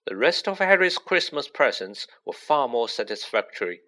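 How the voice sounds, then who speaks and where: A man reading a storybook aloud as narrator, with an expressive, varied delivery. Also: mid-range voice, normal speed. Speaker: audiobook reader.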